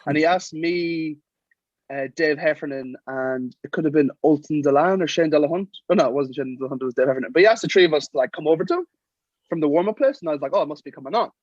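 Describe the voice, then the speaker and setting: A young man with an Irish accent tells stories on a podcast with a lot of life, slipping into the voices of the people he quotes. His voice sits fairly high, and it comes across dry and a little dull, like a lo-fi recording. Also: fast, dry recording. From Sligo, Ireland. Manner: lively anecdotes, acting out quotes. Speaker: guest, professional rugby player. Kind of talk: casual podcast storytelling.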